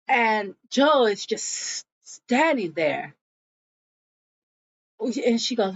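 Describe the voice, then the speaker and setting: A woman's voice: mid-range voice, unhurried. A woman vlogger casually recapping a TV episode, telling it as a story and slipping into the characters' lines. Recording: dull lo-fi audio.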